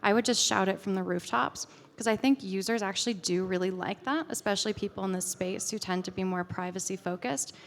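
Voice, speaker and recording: Woman conference speaker, chatty and filler-heavy, mid pitch, hall reverb. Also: a little fast, hardly any pauses. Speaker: conference speaker answering audience questions. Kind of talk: casual conference Q&A.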